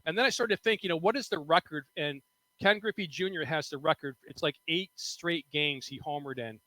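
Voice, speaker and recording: A man's voice: a little high, a little fast, bright, forceful tone, dry recording, low-quality recording. A male comedian guest in casual podcast chat, rambling and repeating himself as he talks. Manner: loose, rambling, repeats words.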